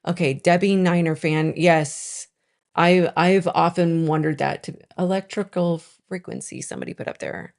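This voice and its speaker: A woman's voice: fairly low pitch, fairly even intonation, moderate pace, gravelly, darkish tone. A middle-aged woman co-hosting a live stream, chatting casually and reading out viewer comments. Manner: chatty, reads out chat comments, laughs often.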